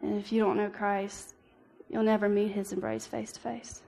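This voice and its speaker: A young woman shares a personal testimony in an earnest, halting way, full of ums and restarts. Her voice stays fairly level, with little rise and fall. Her words ring on in a hall with a long reverb. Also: medium pitch, flat delivery, vocal fry, a little mellow. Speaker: speaker giving a church devotional.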